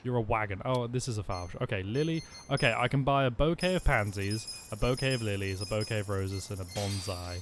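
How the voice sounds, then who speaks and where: A man's voice: lowish voice, brisk, hardly any pauses, background noise. A man streaming a video game, chatting casually and rambling through jokey asides as he plays. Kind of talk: casual gameplay commentary.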